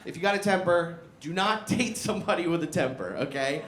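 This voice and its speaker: A man's voice: fairly high pitch, fairly quick, a bit bright. A young man performing a profane stand-up comedy set, laughing through his punchlines. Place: comedy club in a barbershop. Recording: echoey room with audience noise.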